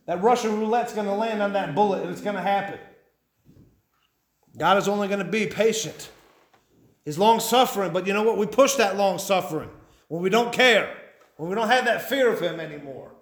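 In a roomy, echoing hall, a fiery pastor delivers a sermon to his church in a voice pitched high for a man. Speaking a little fast in a folksy drawl, he alternates between pleading and warning.

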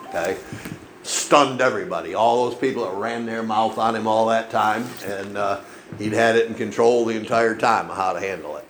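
A man's voice: lowish voice, echoey room, a little hiss or hum, rough recording. A man preaching a sermon in a folksy storytelling way, often checking in with the congregation with "okay?". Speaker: pastor. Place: church.

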